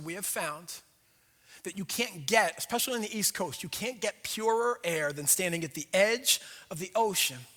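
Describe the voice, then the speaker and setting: A man preaching a sermon as pastor, conversational and animated, acting out inner voices. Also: high voice. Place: church sanctuary. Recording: long hall reverb.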